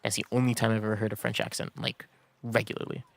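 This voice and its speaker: A man's voice: on the low side, little pitch movement, fast talker, vocal fry, dry recording. A man chatting casually while streaming a game, laid-back and rambling, laughing often between thoughts. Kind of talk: casual gaming stream chat.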